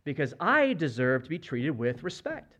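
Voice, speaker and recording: A man's voice: on the high side, very animated, normal speed, fairly bright tone, dull audio. A man preaching a sermon as a pastor, speaking conversationally and asking the congregation rhetorical questions. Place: church.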